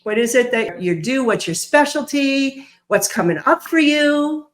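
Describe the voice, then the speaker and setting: A woman's voice: high-pitched, animated, unhurried, reverberant. A woman from Massachusetts with a New England accent, hosting a chatty, upbeat interview. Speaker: host. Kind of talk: casual interview chat.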